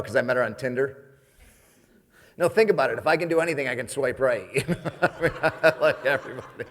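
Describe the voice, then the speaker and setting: A man from New York giving a comedic motivational keynote on stage, chatty and jokey, often asking the audience "right?". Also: medium pitch. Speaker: motivational speaker. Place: event stage in a large hall. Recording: long reverb of a large hall.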